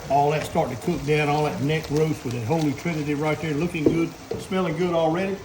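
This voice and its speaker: Excitable Southern man cooking on camera. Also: on the high side, brisk, echoey room, very noisy. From Southern United States. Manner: folksy, excited exclamations, talks to the camera operator. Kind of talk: casual cooking demonstration.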